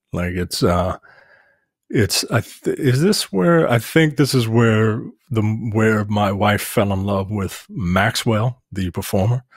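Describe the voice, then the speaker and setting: A man's voice: on the low side, no room sound, studio quality. A man co-hosting a podcast, chatting casually and telling rambling stories with restarts. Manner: storytelling, rambling with restarts and laughs. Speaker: podcast co-host. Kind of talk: casual chat.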